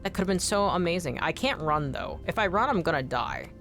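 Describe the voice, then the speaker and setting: A woman's voice: big pitch swings, a bit bright, soft background music. A woman streaming a video game, chatting to viewers and swearing when she misses. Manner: swears often, quick to frustration; pitch jumps high when annoyed. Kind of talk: live gameplay commentary.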